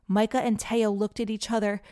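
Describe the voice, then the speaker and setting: A woman narrating a children's adventure story in a lively, clear manner. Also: medium pitch, fairly quick.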